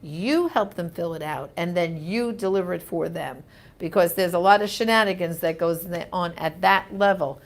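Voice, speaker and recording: A woman's voice: lowish voice, moderate pace. A woman hosting a live question-and-answer show, reading viewer comments and answering in an emphatic, indignant, chatty way.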